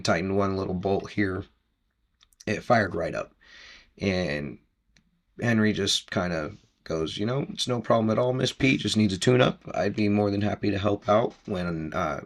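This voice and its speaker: Deep, gravelly-voiced man chatting casually. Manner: rambling, chatty, laughs easily. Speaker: podcast host recapping a book. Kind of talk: casual book discussion.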